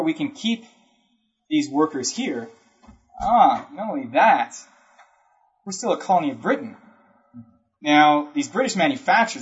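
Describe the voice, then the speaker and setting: A man giving an informal history lecture, talking conversationally, often checking in with the listener and acting out historical speakers in brief asides. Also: fairly high pitch. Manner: conversational, keeps checking in with "right?". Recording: dull lo-fi recording.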